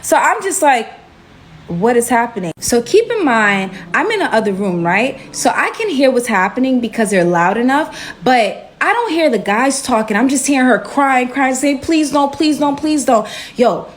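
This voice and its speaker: A young woman from Brooklyn recounts a wild story for her viewers. She talks animatedly and casually, filling it with "like" and "right?". Her voice sits a touch higher than most women's. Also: moderate pace, hardly any pauses. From Brooklyn, New York. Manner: animated, chatty with frequent "like" and "right?". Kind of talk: storytime vlog.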